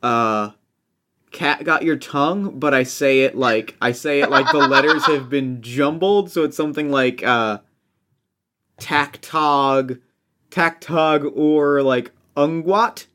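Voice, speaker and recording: A man's voice: medium pitch, big pitch swings, unhurried, fairly bright tone. A man playing a tabletop role-playing game, talking hesitantly with many fillers and restarts. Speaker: player. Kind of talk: tabletop role-play chat.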